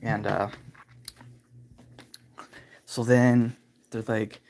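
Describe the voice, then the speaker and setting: A man's voice: mid-range voice, little pitch movement, moderate pace, creaky, pauses often, dark tone. A man hosting a casual livestream, telling a rambling childhood story with fillers, self-corrections and quoted dialogue. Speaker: livestream host.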